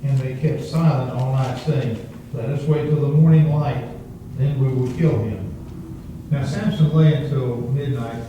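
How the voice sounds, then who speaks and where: A man's voice: medium pitch, warm tone. Man reading scripture from across a hall. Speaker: congregant reading scripture aloud. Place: church sanctuary. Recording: distant voice in echoey church, lo-fi, faint hum.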